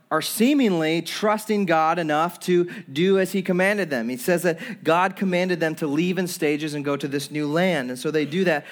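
Earnest young male pastor preaching. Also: fairly high pitch. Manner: earnest preaching with repeated restarts and acted-out quotes. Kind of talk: sermon.

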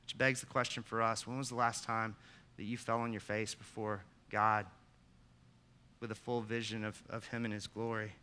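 A man, the pastor, preaching a sermon with earnest emphasis, putting direct questions to the congregation and rising to loud, emphatic peaks. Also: on the low side, level tone, moderate pace, clear, resonant tone. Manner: asks the listeners direct questions.

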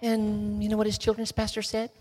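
Texan man guest speaker, husky, storytelling that drops into whispers, long hall echo. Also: high-pitched, brisk. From Texas. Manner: shifts from lively storytelling to soft emotional whispers. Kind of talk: inspirational storytelling talk.

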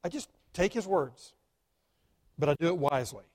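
Male pastor, higher voice, dramatic sermon delivery with sharp emphasis. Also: lively intonation, normal speed. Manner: emphatic, dramatic, swings between loud stress and quiet asides.

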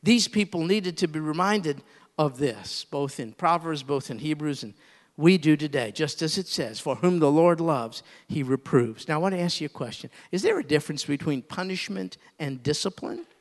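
A middle-aged male pastor preaching in a fairly high voice, shifting between easy storytelling and fervent, emphatic appeals. A long reverb trails his words through the hall. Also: lively intonation, normal speed. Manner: storytelling, rising to emphatic pleas. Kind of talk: sermon.

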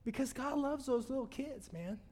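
A man preaching a sermon, with sudden loud swells and soft drops in his voice. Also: very high voice, expressive, moderate pace. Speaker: pastor. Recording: long hall reverb.

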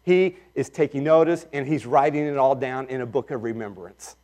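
A middle-aged pastor preaching a sermon, swinging between loud emphatic lines and quiet asides. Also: male voice, mid-range voice, moderate pace.

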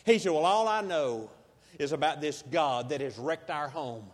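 Preaching a sermon at a moderate pace, a high-voiced pastor spins folksy, homespun stories and builds to loud, emphatic moments to hammer his points, his delivery expressive throughout. A big church hall gives his voice a long, ringing echo.

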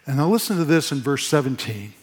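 High-voiced man preaching a sermon. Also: very animated, fast. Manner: earnest, repeats phrases for emphasis, drops to a soft hush. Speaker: pastor. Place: church before a congregation.

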